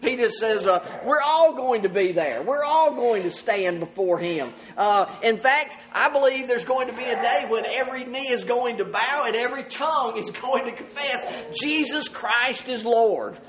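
A man's voice: very high voice, lively intonation, normal speed, hardly any pauses, a bit bright. A man preaching a sermon to a congregation, earnest and often laughing as he speaks. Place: church service with congregation.

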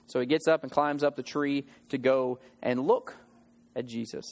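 A man's voice: medium pitch, steady tone, normal speed. Man preaching with a conversational, quizzing manner. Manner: conversational, keeps asking "okay?"; acts out quoted voices with sarcasm. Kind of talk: sermon. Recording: long hall reverb.

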